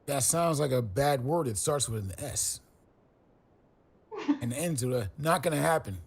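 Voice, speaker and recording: Man, tabletop player, casual joking chat, raspy, gravelly. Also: medium pitch, animated, measured pace.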